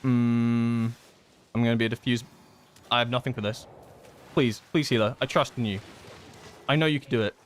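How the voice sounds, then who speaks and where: A man giving live gameplay commentary, thinking aloud and excitedly pleading with his teammates. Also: medium pitch, normal speed, pauses often, a little hiss or hum. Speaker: gaming content creator.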